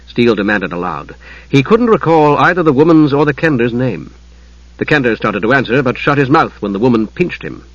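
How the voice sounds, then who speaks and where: A man reads a fantasy audiobook in a measured, dramatic way, his voice husky at a middling pitch. The recording is dry and close, with a slightly dull, muffled top end. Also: animated, no echo. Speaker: audiobook narrator. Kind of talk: scripted fantasy narration.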